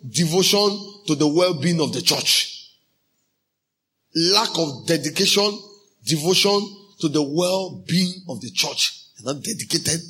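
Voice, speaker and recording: A male pastor with a Nigerian accent and a fairly high-pitched voice preaches a sermon. He slips into pidgin phrases and breaks into shouted emphasis.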